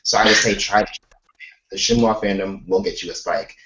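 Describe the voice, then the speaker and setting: Man, casual chat, excitable, lots of fillers, roomy echo, muffled lo-fi call audio. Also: lowish voice, moderate pace, noisy background. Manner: animated storytelling, excitable, lots of "like". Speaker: K-pop reaction YouTuber, live chat host. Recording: echoey, distant, lo-fi call audio.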